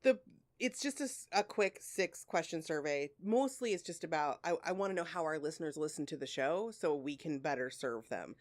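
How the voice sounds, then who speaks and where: A woman with a fairly low voice chats on her podcast. She is candid and rambling and swears freely. Her throat is a little sore. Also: animated, normal speed. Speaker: podcast co-host. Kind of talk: casual chat.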